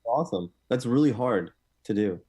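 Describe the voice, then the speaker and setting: A man's voice: medium pitch, lively intonation, normal speed, warm tone. A man chatting on a podcast, reacting supportively and enthusiastically. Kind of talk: casual chat.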